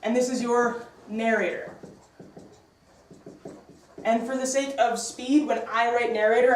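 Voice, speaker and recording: A woman teaching an English class, brisk and upbeat as she quizzes her students. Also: a little high, slight background noise. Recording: echoey classroom from far off.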